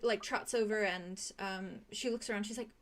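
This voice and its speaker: A woman narrating as game master of a tabletop game, chatty and quick to laugh, with many fillers. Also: medium pitch, steady tone.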